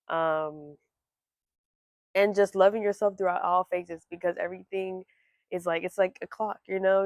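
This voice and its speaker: A woman's voice: on the low side, no echo. A young woman vlogging to camera from home, talking candidly and rambling, swearing freely. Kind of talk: casual talk to camera.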